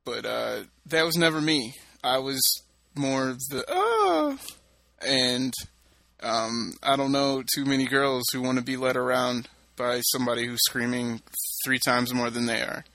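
A man's voice: medium pitch, little pitch movement, unhurried, creaky, pushed and bright, no echo. A man co-hosting a casual podcast, telling self-mocking stories with lots of "you know" fillers. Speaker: podcast co-host. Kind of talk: casual chat.

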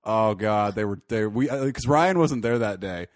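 A man's voice: fairly low pitch, expressive, moderate pace, dry recording, studio quality. A young Canadian man co-hosting a podcast, rambling through casual chat with swearing and laughter. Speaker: podcast co-host.

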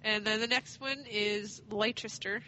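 A woman's voice: mid-range voice, fairly even intonation, a little slow, pushed and bright, highs cut off. A woman co-hosting a casual podcast, playful and giggly, guessing unsure answers. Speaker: podcast co-host.

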